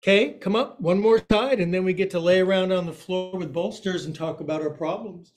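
A man's voice: high-pitched, brisk, darkish tone. A man teaching a live yoga class, cueing poses with playful jokes and asides.

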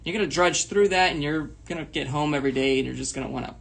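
A man's voice: on the high side, fast talker, vocal fry, crowd noise. A man co-hosting a talk show, explaining his points in a reflective, casual way. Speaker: co-host. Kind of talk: casual chat.

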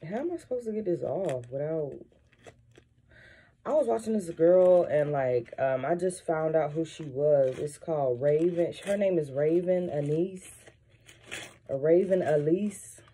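A woman's voice: deep voice, a little slow, mellow, slightly rough. A woman vlogging casually from her home kitchen, chatty and blunt, swearing freely and talking straight to her viewers. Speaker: lifestyle vlogger. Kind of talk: casual morning chat to viewers. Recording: home recording with noisy background.

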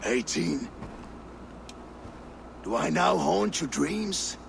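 An actor playing a cruel, mocking male viking warlord with a gravelly voice, in game audio with noise behind. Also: fairly high pitch, lively intonation, extremely slow, full character voice. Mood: taunting. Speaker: villain.

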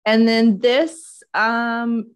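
A woman's voice: fairly high pitch, level tone, drawn-out words, smooth, dull audio. A woman co-hosting a casual chat show, teasingly reading out quiz questions and scoring her partner's guesses. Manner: playful, teasing, reads out game questions. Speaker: co-host running a quiz game.

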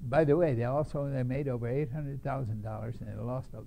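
Gravelly older man spinning a blunt yarn. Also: mid-range voice, fairly even intonation, brisk, dark tone. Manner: blunt, emphatic, chuckling at his own stories. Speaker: Christian speaker telling his life story. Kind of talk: folksy storytelling talk to an audience.

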